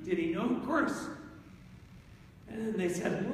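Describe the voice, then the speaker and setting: A male pastor preaching an animated sermon, reading scripture slowly and solemnly in old-fashioned wording. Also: high voice. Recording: echoey hall from far off, faint noise.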